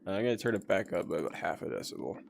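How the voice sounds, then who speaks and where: A young man chatting casually on a gaming livestream, his voice hoarse, strained and congested, rambling, chuckling often and talking to his chat. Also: sits low, animated, racing, slight background noise. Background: game music underneath.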